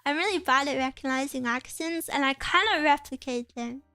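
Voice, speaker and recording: A woman's voice: high-pitched, moderate pace, bright, forceful tone, dry recording, soft background music. A woman chatting casually on a livestream, answering viewer comments in a playful, giggly way with cutesy exclamations. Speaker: streamer.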